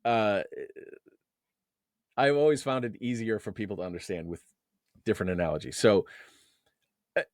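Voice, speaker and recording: A man's voice: fairly low pitch, lively intonation, moderate pace, pauses often, no room sound, clean studio sound. A man speaking as a guest in an interview, a coach on men's emotions, who explains his ideas with everyday analogies and lifts his voice on key words. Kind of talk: conversational interview.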